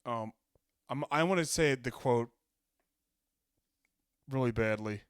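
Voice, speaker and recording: A man co-hosting a casual podcast, rambling through profane, animated stories and talking over his co-host. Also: medium pitch, slow, smooth, dry recording, studio quality.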